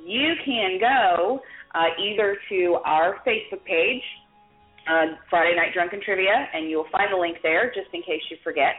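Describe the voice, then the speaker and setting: A woman's voice: on the low side, moderate pace, faint music behind. Rambling woman hosting a drinking trivia show. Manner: rambling, folksy, with frequent ums and uhs. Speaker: game show host and quizmaster. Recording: tinny lo-fi sound in an echoey room.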